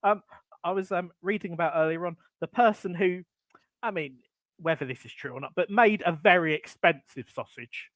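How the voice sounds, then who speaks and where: A man's voice: high voice, moderate pace, a bit bright, dry recording. A man co-hosting a podcast in casual chat, rambling and hesitant with plenty of ums while he tells a story. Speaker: podcast co-host.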